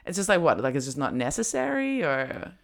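A young adult chatting casually, animated and teasing, talking at length. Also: medium pitch, a little fast, gravelly. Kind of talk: casual chat.

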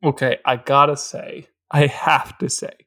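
A man's voice: medium pitch, a little slow. A man co-hosting a podcast, giving a casual and sarcastic movie recap. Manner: animated, sarcastic. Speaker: podcast co-host.

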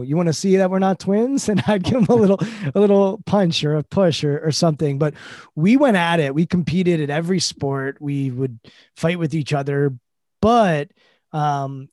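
A man hosting a podcast, with a voice a little above the usual male pitch. He asks thoughtful, measured questions. The recording is dry, with almost no room sound. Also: a little mellow, dry recording. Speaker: podcast host. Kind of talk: podcast interview.

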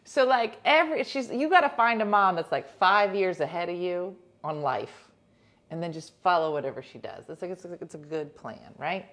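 A woman in casual chat telling animated stories, acting out her friends' lines with swings from loud to hushed. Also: mid-range voice.

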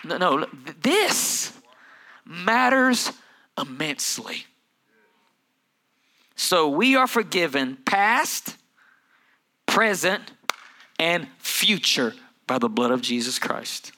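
High, bright-voiced preacher. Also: male voice, very animated, slow pace, long pauses. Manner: storytelling, voices family members, swings from low asides to loud preaching. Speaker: pastor. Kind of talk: sermon.

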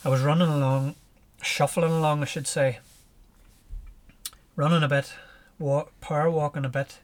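A man with a Northern Irish accent, a podcast guest telling his story in a relaxed, lively way and chuckling as he goes. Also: a little high, normal speed. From Northern Ireland. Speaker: podcast guest, ultra runner. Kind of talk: casual storytelling.

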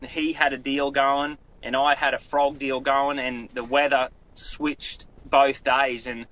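A man's voice: medium pitch, little pitch movement, slow, sharp tone, muffled recording. A man with an Australian accent, a guest telling stories in a casual podcast chat, rambling with many restarts. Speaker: guest angler.

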